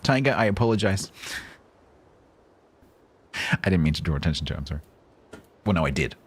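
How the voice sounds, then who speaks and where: Very deep, husky man streaming. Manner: deliberately calm, rambling with fillers and restarts. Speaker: game streamer. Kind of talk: casual livestream chat.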